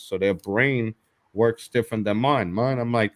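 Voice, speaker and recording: A man's voice: medium pitch, moderate pace. Blunt, profane man. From New York. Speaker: live stream host. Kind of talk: casual chat.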